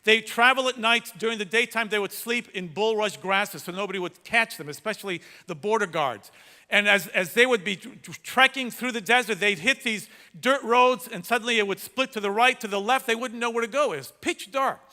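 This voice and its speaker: A middle-aged man preaching a sermon, telling a story with dramatic swings from loud to hushed. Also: high voice, brisk. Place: large church hall. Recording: echoey church hall.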